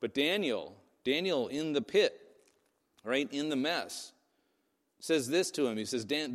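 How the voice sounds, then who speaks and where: A man's voice: mid-range voice, animated, a little slow. Man, pastor, conversational sermon, keeps asking "right?", long hall reverb. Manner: conversational, asks "right?" often.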